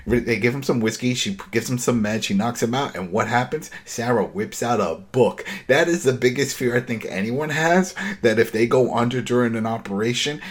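A man hosting a casual talk show, retelling a TV episode in an animated way. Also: mid-range voice. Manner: animated retelling, acts out quotes. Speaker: host.

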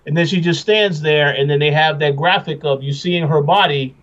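A man's voice: on the high side, normal speed, a bit bright. A man co-hosting a casual recap chat, rambling and repeating words as he thinks. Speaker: podcast co-host. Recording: dull lo-fi sound.

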